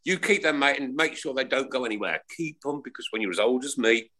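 A man's voice: mid-range voice, fast. A middle-aged man, chatting as a panelist on a football fan podcast, telling stories and often asking "right?". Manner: animated, storytelling, keeps asking "right?". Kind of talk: casual chat.

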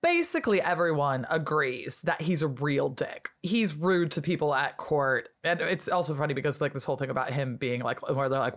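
A woman historian, a podcast guest, retelling history in a casual, irreverent and animated way, with lots of fillers. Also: low voice, moderate pace, hardly any pauses.

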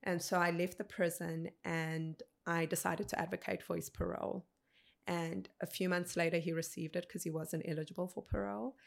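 A woman in her thirties, a podcast guest telling a personal story in an earnest, unhurried way. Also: on the low side, flat delivery, gravelly. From South Africa. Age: 30s.

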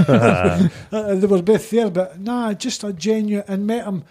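Scottish male podcast guest, husky and mellow, an excitable storyteller. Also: sits high, measured pace. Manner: rambling, excited anecdote teller. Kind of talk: casual storytelling chat.

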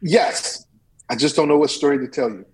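A man who is a storyteller and teaching artist, talking in an interview and performing a tale in an animated, playful way. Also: a little high, normal speed, rough recording. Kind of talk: interview chat and live storytelling.

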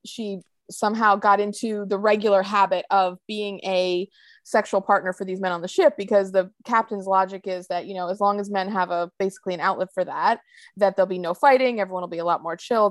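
A woman co-hosting a podcast, chatting casually about a TV episode, animated and quick to laugh as she acts out scenes. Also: mid-range voice, no echo. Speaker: podcast co-host. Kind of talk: casual chat recapping a TV episode.

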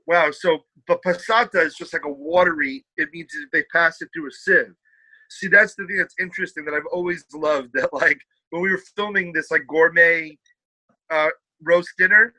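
Bright, animated man telling stories. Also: on the high side, normal speed, dry recording, rough recording. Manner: animated storyteller, puts on voices. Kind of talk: casual chat.

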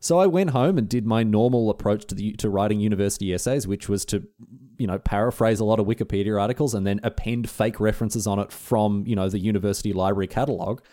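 Podcast co-host, male, brisk delivery, lively storyteller doing little voices for his friends. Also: on the low side. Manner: animated anecdote-telling, quotes friends in exaggerated voices. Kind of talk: casual chat, storytelling.

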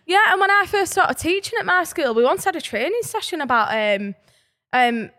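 Northern English woman, animated podcast co-host, high bright voice, passionate teacher talk. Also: normal speed. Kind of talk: casual podcast chat.

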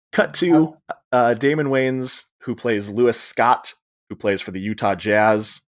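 Man casually recapping a film. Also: fairly low pitch. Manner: retells scenes with jokey asides and frequent laughs. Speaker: podcast co-host.

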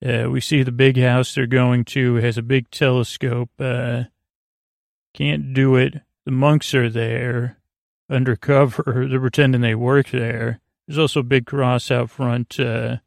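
A man hosting a podcast, recapping a TV episode in a halting, rambling way with many fillers and restarts. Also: medium pitch, creaky, no room sound, studio quality. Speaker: podcast host.

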